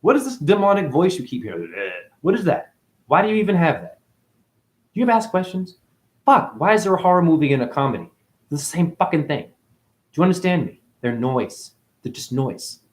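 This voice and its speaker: A man's voice: fairly high pitch, sing-song, brisk. A man giving a spiritual monologue as a teacher, preachy and profane, firing one rhetorical question after another.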